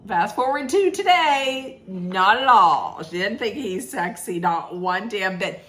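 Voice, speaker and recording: A woman's voice: medium pitch, lively intonation, takes it slowly, hardly any pauses, fairly bright tone, faint music behind. A woman recapping a reality show in a chatty, sarcastic way, with laughing asides. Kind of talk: casual chat recap.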